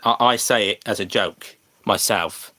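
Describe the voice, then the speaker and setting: A man's voice: fairly low pitch, measured pace, sharp tone, dry recording. An English man chatting casually to viewers on a livestream, hesitant and full of fillers and restarts. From England.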